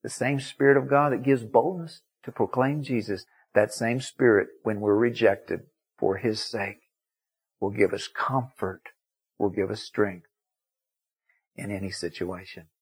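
A man's voice: lowish voice, measured pace, husky. A male preacher giving a sermon in an emphatic storytelling manner, acting out the quotes in his story.

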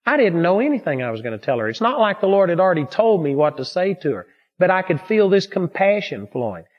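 A man with a fairly high voice delivers a sermon at a quick pace, moving earnestly and steadily from personal stories into scripture. The audio is dull and lo-fi.

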